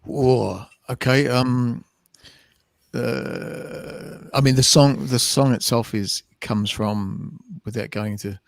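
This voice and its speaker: Casting: Australian male musician, relaxed and wry, gravelly low voice, dry close mic. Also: takes it slowly, dry recording. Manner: relaxed, wry, laughing storyteller. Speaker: band musician. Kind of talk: casual interview chat.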